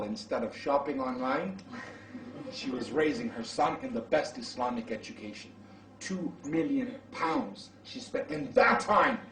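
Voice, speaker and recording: A man's voice: mid-range voice, a little hiss or hum. A male preacher telling a story in a sermon, with dramatic rising and falling emphasis. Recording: roomy, from far off mic.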